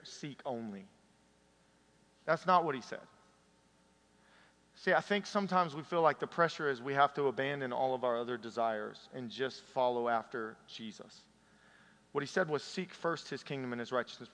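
A man preaching a sermon to a church congregation, swinging from loud emphatic peaks to soft, intimate passages. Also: on the high side, long reverb tail. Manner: passionate, rising to loud peaks then dropping soft and intimate. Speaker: pastor. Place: church sanctuary.

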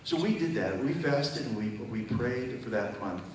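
A man's voice: fairly low pitch, expressive, moderate pace, slight background noise. A man preaching a testimony sermon at a church service, emphatic and conversational, often asking the audience questions. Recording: very echoey hall, mic far off.

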